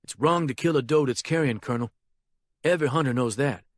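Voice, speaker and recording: A jittery young country boy, eager to please and scared underneath, as a male narrator puts him on. His voice rides up high and strained, with a rustic drawl, in a dry, close reading. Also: fairly quick, no room sound, natural voice. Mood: anxious. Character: simple frightened young male drug courier.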